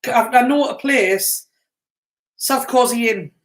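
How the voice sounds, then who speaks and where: Lively female co-host, a touch high-pitched, recorded with a roomy echo. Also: slow pace. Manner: lively storyteller, laughs often. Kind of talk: casual live chat, storytelling.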